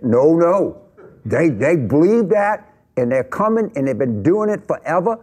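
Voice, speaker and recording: Fired-up guy on a tv panel, slightly high voice, swings up and down a lot, keeps hammering his point. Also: sing-song, normal speed, warm tone. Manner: emphatic, repeats himself, voice rising when pressed. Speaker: panel guest. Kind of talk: heated panel discussion. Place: tv studio panel.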